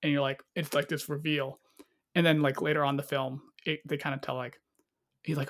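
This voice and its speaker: On a casual podcast, a movie reviewer with a high-leaning voice and flat delivery talks briskly about a film. He wanders in his thoughts, breaks off mid-sentence and acts out quotes.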